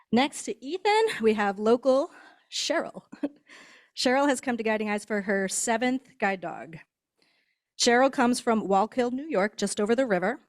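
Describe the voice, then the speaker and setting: A woman who trains guide dogs stands before a graduation crowd, introducing each team. Her voice sits at a middle pitch, and she talks in a friendly, chatty way with small laughs scattered through her lines. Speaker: guide dog instructor. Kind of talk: graduation ceremony speech. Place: indoor ceremony hall.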